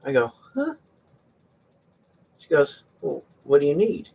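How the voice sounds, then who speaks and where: A man's voice: fairly high pitch, very animated, slow, gravelly, darkish tone, slight background noise. A middle-aged man hosting a live auction stream, chatting casually and rambling through joking stories. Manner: joking, rambling storyteller who laughs a lot.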